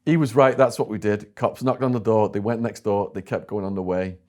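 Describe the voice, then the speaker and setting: A man's voice: fairly low pitch, brisk. A man with an English accent, an interview guest telling a story and acting out what others said. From England. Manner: animated storyteller voicing other people in quotes.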